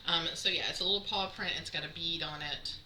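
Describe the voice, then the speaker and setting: Low-voiced chatty woman, echoey room. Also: fairly even intonation, quick pace, bright, forceful tone. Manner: chatty, rambling, many ums, laughs at herself. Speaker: knitting podcast host. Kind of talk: casual show-and-tell chat. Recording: echoey room with clear background noise.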